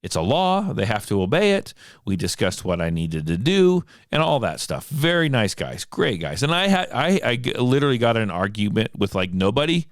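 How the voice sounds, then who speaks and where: Animated American man ranting on a podcast. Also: mid-range voice, normal speed, no echo, studio quality. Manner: animated, exasperated ranting with quoted dialogue. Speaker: podcast host, firearms instructor. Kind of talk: casual storytelling monologue. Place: small studio room.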